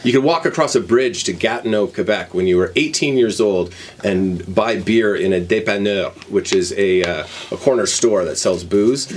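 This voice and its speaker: A man's voice: on the low side, moderate pace. Man from Canada, middle-aged, casual guest chat, playful, faint noise. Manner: playful, teasing.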